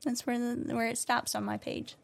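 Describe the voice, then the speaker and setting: A woman co-hosting a casual podcast, cheerful and encouraging, quick to praise her partner. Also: on the high side, level tone, creaky. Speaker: podcast co-host.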